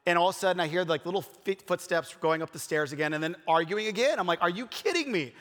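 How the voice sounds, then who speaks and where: A man's voice: a little high, fast, a bit bright. A man preaching a casual, conversational sermon, telling personal stories in an earnest way with many fillers and restarts. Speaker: pastor. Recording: long reverb of a large hall.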